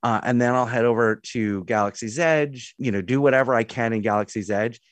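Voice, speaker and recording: A man's voice: medium pitch, a little fast, no echo. A man co-hosting a podcast in casual chat, rambling through stories and putting on mock indignation. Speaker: podcast co-host.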